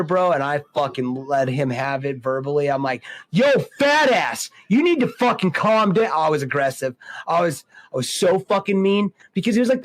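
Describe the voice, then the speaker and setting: A man with a high voice spins a crude, lively story while hosting a podcast. He swears freely and acts out what everyone said. The sound is dry, close and free of room echo. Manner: profane, animated storytelling. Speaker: podcast host. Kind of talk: casual podcast chat.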